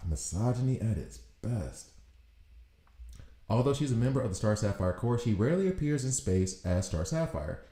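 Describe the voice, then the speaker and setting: A man in his thirties giving casual gameplay commentary, riffing in an animated, exasperated way. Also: mid-range voice, normal speed. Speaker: gaming video host. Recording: roomy echo.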